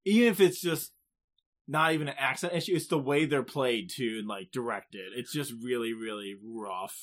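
A man co-hosting a podcast, recapping anime episodes in casual, animated chat and often laughing. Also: mid-range voice, normal speed. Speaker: podcast co-host.

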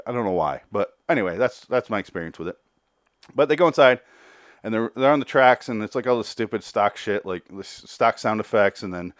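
A man's voice: fairly low pitch, no echo, clean studio sound. A man giving a casual, rambling recap, sarcastic and foul-mouthed, with lots of digressions. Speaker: reviewer.

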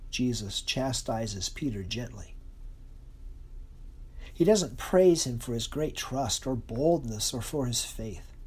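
A preacher delivering a sermon in an earnest, expressive way, slowing and softening for emphasis. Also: mid-range voice, breathy edge.

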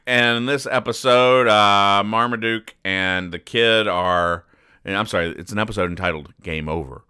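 A man hosting a comedy podcast, reading newspaper comics aloud and explaining the jokes in a rambling, deadpan way. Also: lowish voice, normal speed, clear, resonant tone. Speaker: podcast host.

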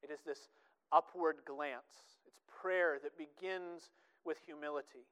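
Man, preacher, sermon, earnest, repeats words, smooth resonant voice. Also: a little high, fairly even intonation, slow, a bit bright, poor audio.

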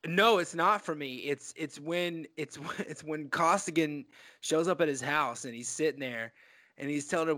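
A man with a notably high voice co-hosts a casual movie podcast. He talks excitedly and swears freely, stumbling through restarts and fillers as he makes his points. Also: moderate pace. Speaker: podcast co-host. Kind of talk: casual film discussion.

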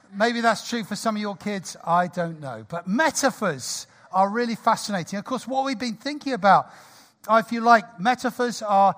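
A man in his sixties preaching a sermon in a church, lively, jokey and conversational. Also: high voice. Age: 60s.

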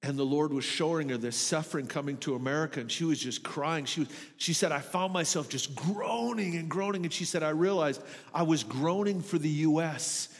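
A man's voice: a little high, brisk, in a large hall. A middle-aged man preaching a sermon in a church, earnest and emphatic. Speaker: pastor. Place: church sanctuary.

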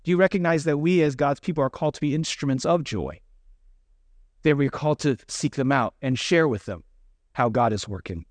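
A man's voice: on the high side, fairly quick, no room sound. A man giving a sermon in a conversational, self-deprecating way, often acting out what people say. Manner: conversational, self-deprecating, acts out quoted voices. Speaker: pastor.

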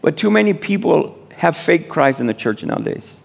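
A man preaching a sermon as guest speaker in a church, building to shouted appeals and call-and-response. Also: a little high, lively intonation, normal speed, vocal fry.

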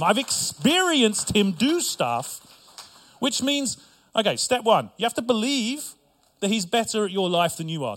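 A middle-aged male pastor preaching a sermon with humor and asides to his congregation. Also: sits high.

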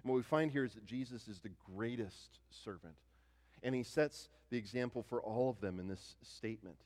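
A man's voice: medium pitch, moderate pace, a little mellow, in a large hall. A man preaching a sermon in a conversational way, putting questions to his listeners and often restarting his sentences. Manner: conversational, rhetorical questions to the congregation; frequent restarts and repeated words. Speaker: pastor.

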